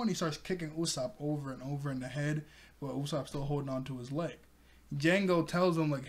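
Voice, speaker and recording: A chatty man with a slightly high voice, recapping an episode in a loose, conversational way. He laughs often as he talks. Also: normal speed. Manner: giggly, chatty. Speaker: anime reviewer.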